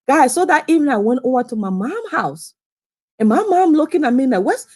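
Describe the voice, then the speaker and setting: A woman's voice: sits high, sing-song, a little fast, slightly rough. Chatty woman from Liberia. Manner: chatty, repeats phrases, often addresses viewers as guys. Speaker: vlogger. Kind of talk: casual storytelling to camera.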